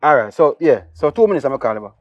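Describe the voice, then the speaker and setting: A man's voice: mid-range voice, very animated, very fast, dull audio, lightly acted. A man playing a father who brings his daughter home, pleading and repeating himself in patois-laced talk.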